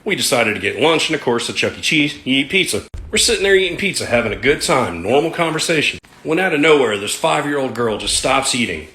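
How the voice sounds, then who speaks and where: A man's voice: mid-range voice, very animated, fast, hardly any pauses, pushed and bright. A man, a father, telling a story wryly and swearing casually. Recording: roomy echo.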